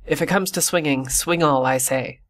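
A man's voice: fairly high pitch, moderate pace, fairly bright tone, dry recording, natural voice. A man reading the part of a drunken, violent old sea captain, barking short demands. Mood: angry.

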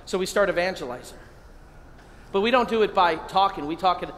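A middle-aged priest giving a lively keynote talk to a crowd of men, calling out phrases for them to repeat. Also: male voice, sits high, brisk. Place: large hall. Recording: long hall reverb, faint ambient noise.

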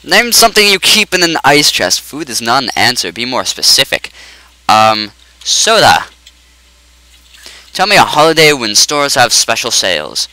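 A man giving goofy, excitable let's play commentary on a quiz game, joking and yelling at the screen. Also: mid-range voice, normal speed, no echo, rough recording. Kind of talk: casual gameplay commentary.

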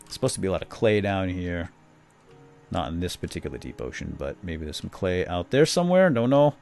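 A man's voice: sits low, sing-song, a little fast, creaky, a little mellow, soft background music. A man hosting a casual game walkthrough, upbeat and playful, pointing out new features as he plays. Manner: upbeat, playful, says "groovy" a lot. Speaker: gaming video host.

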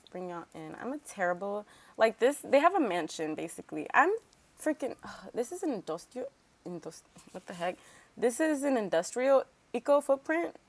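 A talkative woman doing casual gameplay commentary at a middling pitch. She rambles and fills her talk with asides and quick remarks to the characters on screen. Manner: chatty, filler-heavy, rambling asides; animated, talks back to game characters. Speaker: let's play host.

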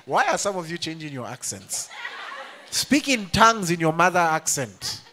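A man's voice: a little high, very animated, moderate pace, bright, forceful tone. A young male pastor preaching a sermon, playful, laughing often and calling out to the congregation. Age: young adult.

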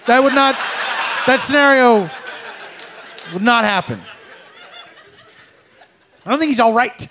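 A middle-aged man performing a stand-up comedy set on a club stage, with an animated, exaggerated, mock-polite delivery. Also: extremely high pitch, normal speed, long pauses, a little hiss or hum.

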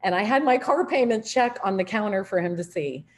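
This middle-aged woman speaks briskly at a medium pitch as she delivers upbeat, story-filled network marketing training. Her motivational talk is animated and full of laughter.

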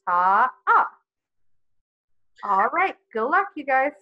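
A woman reviewing rhythm with children in a high voice, friendly and patient. She walks through each step plainly. The sound is dull and lo-fi. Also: lively intonation, normal speed. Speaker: music teacher. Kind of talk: children's music lesson.

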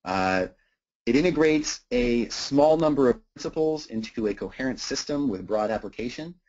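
A man's voice: medium pitch, expressive, normal speed, a little mellow. A man giving an academic talk on teaching writing, thinking aloud with many "uh"s and repeated words. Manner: frequent "uh" and repeated words, thoughtful. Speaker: lecturer. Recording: dull lo-fi recording.

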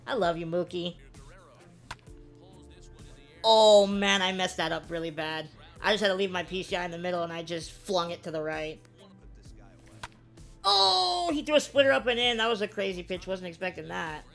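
A woman giving casual commentary on her own video game play, swinging from low-key play-by-play to loud, excited yelps. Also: normal speed, long pauses, faint music behind. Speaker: gaming video creator.

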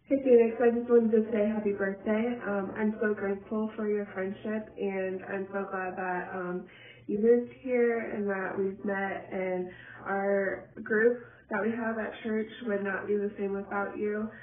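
A woman's voice: medium pitch, flat delivery, unhurried. A woman speaks earnestly and a little hesitantly. She is set back from the mic in a roomy space. The audio is thin and phone-like. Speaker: friend from church. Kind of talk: recorded video message. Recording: echoey, distant, phone-like audio.

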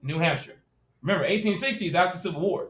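High-voiced male teacher in an echoey classroom. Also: fast talker, fairly bright tone. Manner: checks in with students constantly, casual and direct. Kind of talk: classroom lecture. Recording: echoey classroom, at times far from the mic.

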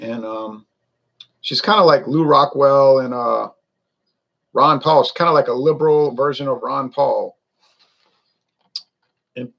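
A man's voice: medium pitch, a bit bright. A man talking in a folksy, meandering way, with many fillers, while reviewing a drink on his vlog. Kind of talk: casual rambling monologue.

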